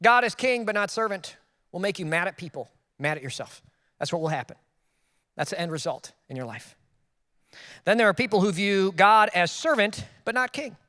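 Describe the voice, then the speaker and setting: High-voiced male pastor preaching animatedly. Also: normal speed, long reverb tail. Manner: animated preaching with sudden loud emphases and self-deprecating asides. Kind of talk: sermon.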